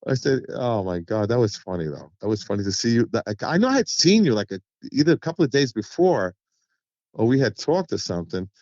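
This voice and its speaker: A man telling stories in an interview, his pitch leaping up and down as he acts out what people said. The sound is dull and lo-fi, and the room is dry and close. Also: brisk, no echo. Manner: animated storyteller, acts out quotes with big pitch jumps. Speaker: guest vocalist. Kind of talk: casual interview chat.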